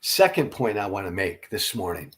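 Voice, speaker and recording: A man's voice: low-pitched, big pitch swings, moderate pace. A tired middle-aged man hosting a political commentary monologue, earnest, emphatic and blunt, with occasional profanity. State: tired from no sleep. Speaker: podcast host.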